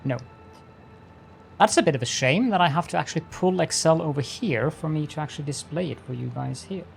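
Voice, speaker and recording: Soft background music plays as a man with a fairly high, gravelly voice streams a factory-building game, speaking fairly quickly. He talks himself through each step in a playful, mock-formal manner and greets chat with exaggerated politeness.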